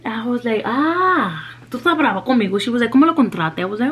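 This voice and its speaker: A woman's voice: medium pitch, fast talker, few pauses, fairly bright tone. A young woman, telling a personal story in a casual, slangy vlog and dropping in Spanish phrases.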